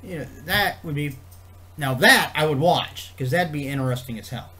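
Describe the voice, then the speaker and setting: A man vlogging in a rambling casual way, swearing freely and filling pauses with ums and you-knows. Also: a little high, animated, sharp tone. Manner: rambling, profane, many fillers and restarts. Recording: faint background noise.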